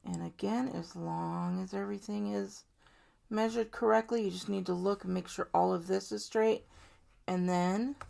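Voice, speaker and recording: Female craft tutorial host, low gravelly voice, casual and conversational. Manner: chatty, warm-hearted, talks to viewers directly. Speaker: card-making tutorial host. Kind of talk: casual step-by-step crafting demo.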